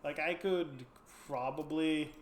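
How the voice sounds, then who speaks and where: A man's voice: on the high side, takes it slowly, reverberant, a little hiss or hum. A man streaming a video game, reading its text aloud and musing over his choices in a casual way. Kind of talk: casual game narration and commentary.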